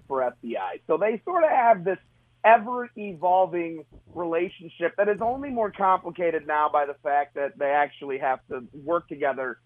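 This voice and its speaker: Guest author, middle-aged man, earnest, slightly high voice, over a phone line, dry. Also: no room sound. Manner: earnest, restarts often. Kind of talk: casual interview talk.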